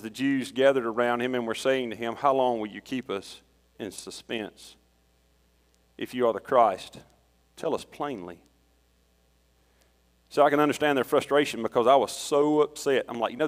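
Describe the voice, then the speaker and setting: Man preaching in an echoing church. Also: mid-range voice. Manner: conversational, storytelling with personal anecdotes. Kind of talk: sermon. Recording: long reverb of a church hall.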